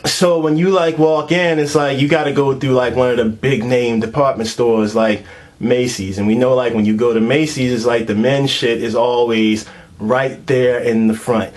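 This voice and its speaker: A man's voice: mid-range voice, fairly even intonation, normal speed, a little mellow. A young man telling a crude, comedic rant full of street slang and constant fillers.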